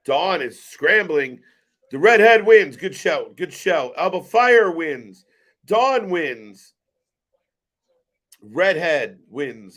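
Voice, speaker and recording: A man's voice: on the high side, sing-song, slow pace, a bit bright. A man co-hosting a casual wrestling watch-along, joking, swearing and laughing a lot. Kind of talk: casual live-stream commentary.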